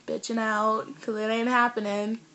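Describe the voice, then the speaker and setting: A teenage girl, telling a story in a casual vlog in an animated, rambling way full of fillers. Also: fairly high pitch, moderate pace. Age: teens. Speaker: vlogger.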